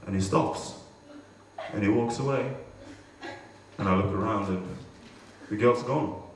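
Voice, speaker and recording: A man's voice: lowish voice, measured pace, a little hiss or hum. A man performing a comic personal story live on stage, swearing and acting out scenes. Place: stage before a live audience. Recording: echoey stage from far off.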